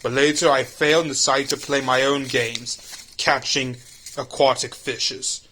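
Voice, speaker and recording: A man's voice: mid-range voice, fairly even intonation, unhurried, pushed and bright, a little hiss or hum. A man voicing Doctor Octopus, a smug mad scientist, in a put-on Irish accent for a fan audio drama. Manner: smug and theatrical. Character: elderly male octopus-themed mad scientist.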